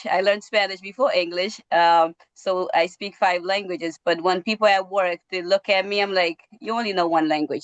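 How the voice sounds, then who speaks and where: A woman's voice: on the low side, no room sound, muffled recording. A woman from Verde, a teacher talking earnestly on a podcast and laughing between phrases. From Cape Verde. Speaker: teacher and guest.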